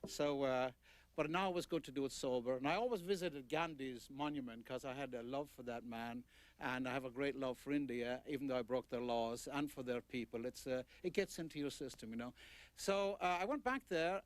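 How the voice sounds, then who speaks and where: An older man, an author, telling rambling anecdotes at a book talk with many pauses and fillers. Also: medium pitch, no room sound. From Ireland.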